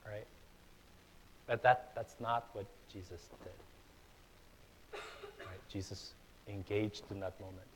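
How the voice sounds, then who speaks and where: A young man preaching a sermon in a church, conversational and relaxed, with fillers and restarts, rising to loud, emphatic stretches. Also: on the low side, takes it slowly, long pauses, slight background noise, low-quality recording. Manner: casual, conversational preaching with fillers and repeated starts; builds to loud, emphatic passages. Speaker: pastor. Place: church hall.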